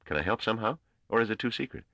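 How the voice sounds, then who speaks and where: A man's voice: fairly low pitch, animated, very fast, a bit bright, no room sound, pitched above the performer's own voice. A man doing a brash young space trader. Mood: breezy.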